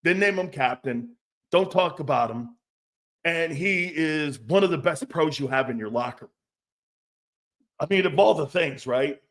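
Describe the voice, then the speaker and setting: A man hosting a casual sports talk show, blunt and animated, swearing freely. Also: on the high side, unhurried, pauses often.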